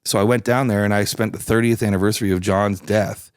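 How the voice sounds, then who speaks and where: Relaxed middle-aged Canadian man, low voice. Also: fast, clean tone, no echo, clean studio sound. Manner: relaxed, swears freely, animated when quoting people. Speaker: guest musician. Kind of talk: casual storytelling interview.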